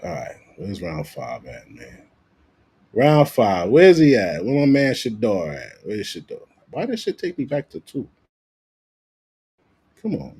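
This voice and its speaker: A man ranting casually about football, profane and animated, often repeating himself. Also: fairly low pitch, slightly rough. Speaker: sports commentator vlogger.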